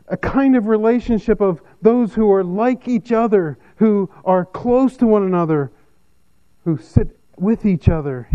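A man with a fairly high voice preaches a sermon to his congregation. He explains scripture in a measured, expository way, and his pitch rises and falls as he goes. The recording sounds dull and lo-fi. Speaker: pastor.

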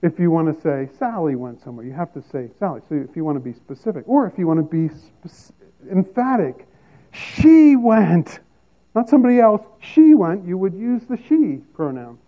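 A man's voice: a little high, big pitch swings, fairly quick. A man preaching a sermon as a pastor, teaching emphatically and repeating key phrases. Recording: tinny phone-like sound.

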